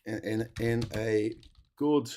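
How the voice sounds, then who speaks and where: A man's voice: mid-range voice, fairly even intonation, takes it slowly, dark tone, slight background noise. A man hosting a live-streamed chat show, swearing, ranting and joking over a video call. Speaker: host.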